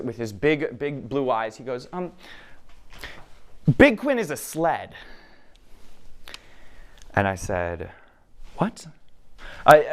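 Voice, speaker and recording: A young man from Minnesota performing a stand-up comedy set, telling a self-deprecating story with halting pauses and many fillers. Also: medium pitch. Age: young adult.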